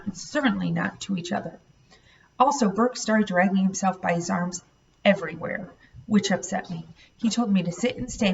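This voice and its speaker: A woman reading a novel aloud in a steady, expressive voice. The sound is dull and muffled, and she is set back from the mic. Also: medium pitch. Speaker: reader. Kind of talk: audiobook read-aloud narration. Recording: dull, slightly distant recording.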